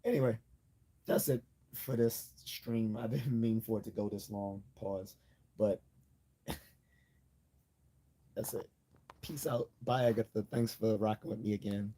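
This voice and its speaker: A man's voice: fairly low pitch, steady tone, a little slow, pauses often, warm tone. A man hosting a livestream, talking casually and rambling, with many fillers, restarts and small chuckles. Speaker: livestream host.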